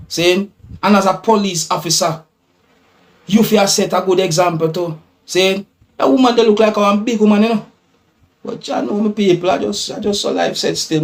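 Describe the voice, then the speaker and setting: A man with a Jamaican accent giving casual vlog commentary, musing and rambling, with frequent "you see me" tags. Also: high-pitched. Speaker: vlogger commenting on news clips.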